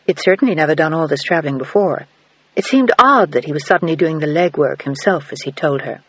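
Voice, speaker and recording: A man reading a novel aloud as an audiobook narrator, with steady, even storytelling. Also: on the high side, brisk, husky, no echo. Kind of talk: scripted narration. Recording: dull, dry studio recording.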